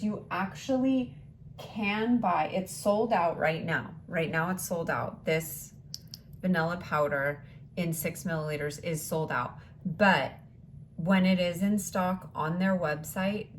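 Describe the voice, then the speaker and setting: A woman talks slowly and chattily, with a slightly low voice, thinking aloud as she unboxes and sometimes slipping into a whisper. Faint room ambience hums behind her. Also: slight background noise. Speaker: unboxing vlogger. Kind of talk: casual product unboxing.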